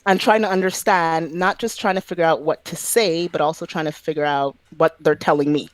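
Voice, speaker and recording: A man on a video call telling a story in a relaxed, animated way, acting out the lines of the people he quotes. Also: a little high, fairly quick, dry recording. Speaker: podcast guest. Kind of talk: casual storytelling chat.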